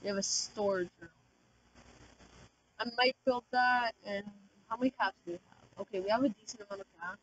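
A woman giving casual, slangy gameplay commentary as a channel host, talking loudly and excitably. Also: medium pitch, normal speed, long pauses, slightly rough, highs cut off. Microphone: desk microphone.

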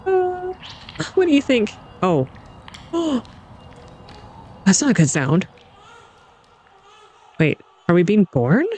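A woman giving an excitable, panicky let's-play commentary, laughing and gasping as she plays. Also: medium pitch, takes it slowly, pauses often, a little hiss or hum. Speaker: gaming channel host. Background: game music.

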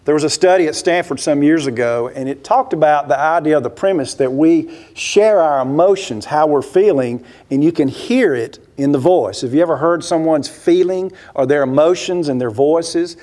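A man's voice: on the high side, moderate pace, few pauses, a little mellow. Man, pastor, church sermon, storytelling, rhetorical questions, acts out quotes. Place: church sanctuary.

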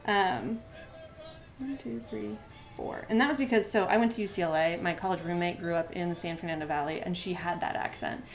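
A woman chatting quickly with lots of filler words while she works on a craft during a live stream, now and then counting softly under her breath as she stands at her desk at home. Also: fairly low pitch, soft background music. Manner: fast-talking with many filler words.

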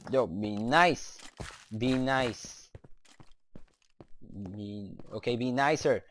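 A young man doing let's play commentary, excitable, talking to the creatures in his game and cursing now and then. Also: on the low side, slow pace, long pauses, background noise. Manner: excitable, talks to the game's creatures, curses.

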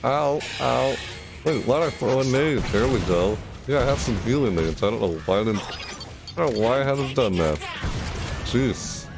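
Over music, a man with a mid-range, vocal-fried voice streams a shooter game at a moderate pace. Excitably talking to himself in casual commentary, he frequently yelps in surprise and groans.

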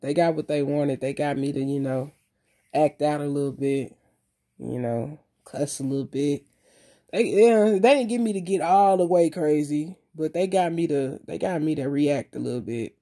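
A woman with a low-pitched, warm voice delivers a casual video monologue to her camera. Her talk is loose street slang full of swearing, with repeated phrases for emphasis and filler-laden pauses.

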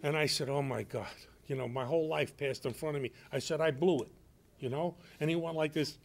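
Man, radio guest, animated storyteller, voices the people in his tale, slightly higher pitch. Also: a little fast, gravelly, slight background noise. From Brooklyn, New York. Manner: animated, acts out quoted voices. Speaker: guest actor and nightclub comic.

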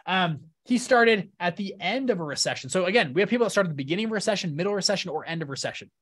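Energetic man presenting, slightly high voice. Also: very fast. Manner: energetic, enthusiastic, keeps checking in with "right?" and "okay?". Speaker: fund-launch presenter at a live event. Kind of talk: live seminar talk to an audience.

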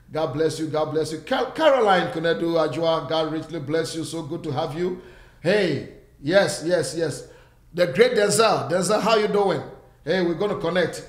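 A man preaching with fervent, driving repetition, stacking phrase on phrase. His voice sits high for a man. The room gives it a clear echo. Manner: quieter, friendly greetings to online viewers. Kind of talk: sermon.

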